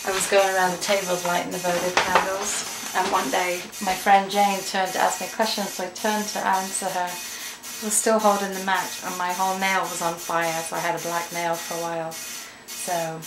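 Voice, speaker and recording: A woman's voice: fairly low pitch, little pitch movement, moderate pace, noisy background. A middle-aged English woman chatting casually to her viewers in a daily home vlog, rambling from one thing to the next. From England. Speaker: vlogger. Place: at home, indoors.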